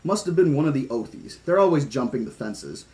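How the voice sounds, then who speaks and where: A man voicing a calm adult park guide who brushes off worries. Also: mid-range voice, brisk, natural voice. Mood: reassuring. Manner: soothing, matter-of-fact.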